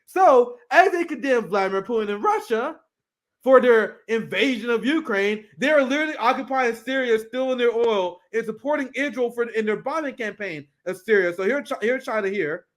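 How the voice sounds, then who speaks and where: Male host, high voice, animated and profane, casual commentary. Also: normal speed. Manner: animated, profane, laughs often, reads news aloud.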